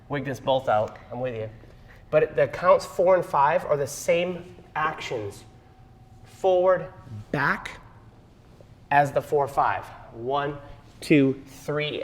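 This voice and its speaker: A man's voice: medium pitch, a little hiss or hum. A man teaching a partner dance class, explaining moves and counting the beats aloud. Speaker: dance instructor. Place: dance studio. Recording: long hall reverb.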